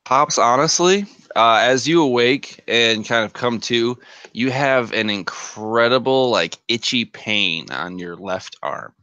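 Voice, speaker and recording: A man's voice: mid-range voice, lively intonation, slow, pushed and bright, clean tone, dry recording, highs cut off. A man narrating as game master of a tabletop game, rambling with many fillers.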